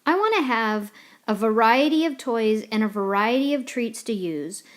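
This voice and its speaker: Woman trainer narrating a lesson, calm and explanatory, a touch high-pitched. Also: moderate pace. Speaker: dog trainer. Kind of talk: instructional voice-over narration.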